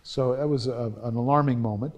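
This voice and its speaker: A man's voice: medium pitch, steady tone, a little fast, a little mellow. A middle-aged man giving a university lecture in a conversational, anecdotal way, often restarting his sentences.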